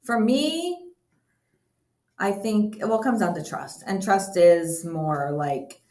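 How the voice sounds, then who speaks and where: A woman co-hosting a podcast in casual chat, soft-spoken and a bit hesitant. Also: mid-range voice, takes it slowly. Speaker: podcast co-host. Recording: echoey room.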